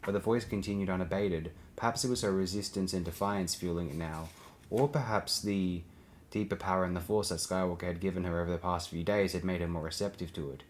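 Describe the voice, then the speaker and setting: A man narrating an audiobook in a steady, low-key reading. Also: a little fast, a little hiss or hum. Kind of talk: scripted narration.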